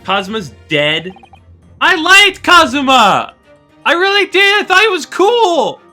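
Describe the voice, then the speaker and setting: A woman giving let's play commentary, reacting loudly and emotionally. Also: extremely high pitch, very animated, measured pace, soft background music.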